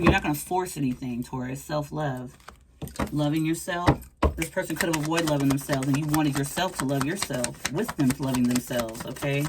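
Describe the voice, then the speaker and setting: A woman's voice: low-pitched, very noisy. A woman giving a casual tarot reading in a playful, chatty way, calling the listener pet names. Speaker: tarot reader.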